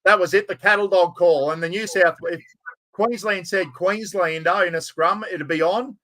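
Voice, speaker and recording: A man's voice: sits high, fairly even intonation, normal speed, a bit bright. A man with an Australian accent hosting a casual chat, blokey and talkative, calling everyone mate. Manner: chatty, blokey, calls people mate. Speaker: podcast host.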